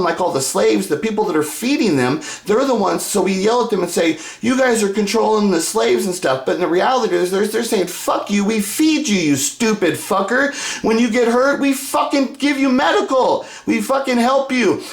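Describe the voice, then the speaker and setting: A man with a notably high voice delivers a rambling, profane monologue, often restarting his sentences. He builds into loud, shouting rants. The sound bounces around an echoey room.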